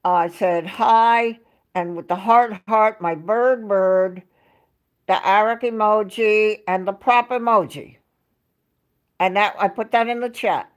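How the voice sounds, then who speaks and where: A woman's voice: mid-range voice, a little slow. Chatty woman rambling on a home livestream. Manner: rambling, chatty storytelling, reading out chat names. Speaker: livestream host. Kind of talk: casual livestream chat.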